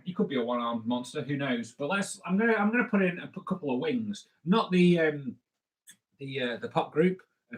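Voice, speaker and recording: A man, a comics artist, giving a live drawing lesson in a chatty, rambling way with jokey asides. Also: medium pitch.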